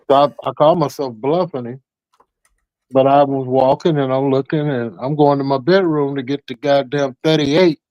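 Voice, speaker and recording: A man's voice: medium pitch, normal speed, darkish tone, dry recording, highs cut off. A man on a call-in talk show telling a long story in a heated, profane, rambling way. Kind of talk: casual call-in chat.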